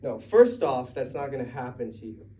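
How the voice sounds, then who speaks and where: Man putting on an impulsive loud male disciple, higher pitched and pushy, mellow tone, distant mic with faint ambience. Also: big pitch swings, normal speed, close to an everyday voice. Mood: indignant. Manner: loud, protesting, rising in pitch.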